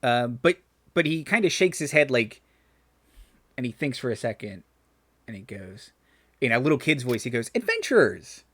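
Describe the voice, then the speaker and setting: A man runs a tabletop game as dungeon master, his voice of middling pitch. He talks in halting bursts, full of fillers and restarts as he describes the scene. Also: fairly bright tone.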